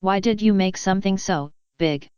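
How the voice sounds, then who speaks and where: A woman's voice: medium pitch, normal speed, darkish tone, clean tone, no echo, lo-fi sound, natural voice. A woman voicing a timid, tearful young pony filly who stammers and pleads. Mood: curious.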